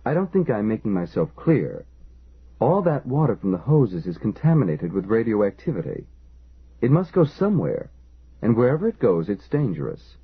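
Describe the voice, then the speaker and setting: A man's voice: fairly low pitch, sing-song, normal speed, slightly rough, voice pushed up, full character voice. A man voicing an insistent, worried male engineer who presses his warnings urgently. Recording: lo-fi phone-like audio.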